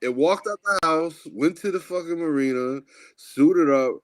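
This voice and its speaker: A man's voice: a little high, unhurried, dry recording. A man co-hosting a podcast in casual chat, emphatic and ranting, repeating "like, bro" and telling people to stop. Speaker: podcast co-host.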